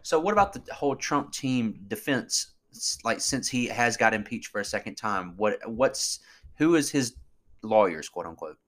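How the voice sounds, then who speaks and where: A man's voice: fairly low pitch, animated, moderate pace, fairly bright tone. A man co-hosting a casual political chat, asking questions and adding dry quips. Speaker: podcast co-host.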